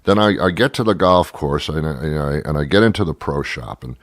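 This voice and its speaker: A man's voice: very deep voice, animated, fairly quick, no room sound, clean studio sound. A man hosting a talk radio show, telling a story as a comedic rant, exasperated and sarcastic, with mock-pedantic asides.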